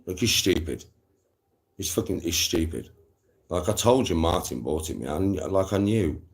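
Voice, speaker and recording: A young man chatting to his live-stream viewers in a casual, animated way, full of slang and swearing. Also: sits low, unhurried. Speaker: livestreamer.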